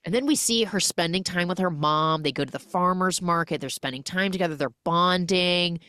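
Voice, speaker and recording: A woman hosting a podcast, recapping a film in an animated, jokey way full of 'like'. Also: fairly low pitch, normal speed, dry recording, clean studio sound. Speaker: podcast host.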